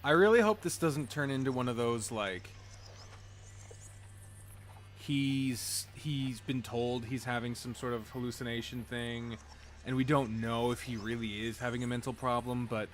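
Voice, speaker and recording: A man's voice: mid-range voice, normal speed, slight background noise. A man casually commenting on a game during a live stream, joking, laughing and swearing freely.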